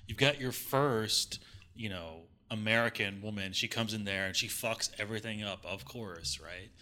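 Bright-voiced joking podcast host man. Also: lowish voice, moderate pace. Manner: laughing, joking, crude. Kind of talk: casual chat.

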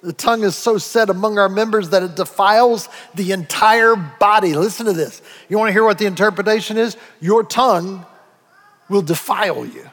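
Guy preaching a sermon, pretty high voice, acts out little bits, big echoey hall. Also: moderate pace. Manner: animated preaching with acted-out asides and quoted voices. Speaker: pastor. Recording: long hall reverb.

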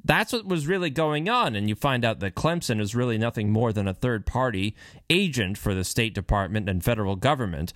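A man's voice: medium pitch, animated, fairly quick, fairly bright tone, no room sound, clean studio sound. A man giving heated, sarcastic political commentary while reading and remarking on news.

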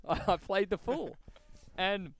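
A man telling a story in casual chat, animated, laughing often and swearing freely. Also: high voice, slow, creaky.

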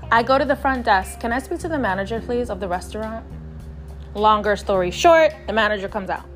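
A New York City podcaster shares a personal story a little fast, her slightly high voice animated against soft background music. She's candid and profane, hits her points hard, and talks to listeners as "y'all."

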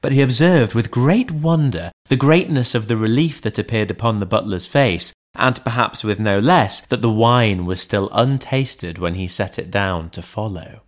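A man narrating an audiobook in a measured, deliberate reading voice. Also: fairly low pitch. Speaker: audiobook reader. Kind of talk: scripted narration.

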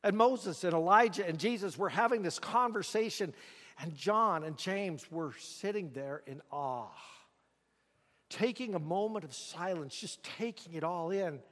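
Male preacher with a high voice, dramatic storyteller who asks the room rhetorical questions, heard with long hall reverb. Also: animated, unhurried, a bit bright. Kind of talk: sermon.

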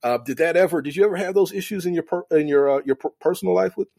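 A man's voice: fairly high pitch, rapid-fire, vocal fry, dark tone, no room sound. A man hosting a podcast, asking questions in a hesitant way with frequent restarts. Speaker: podcast host. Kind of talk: interview questions.

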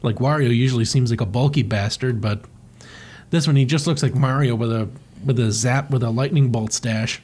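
A man's voice: mid-range voice, moderate pace, husky. A man co-hosting a podcast, narrating a comic with crude jokes and frequent laughter. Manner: animated, crude, laughing often. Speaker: podcast co-host. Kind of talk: casual comedic commentary.

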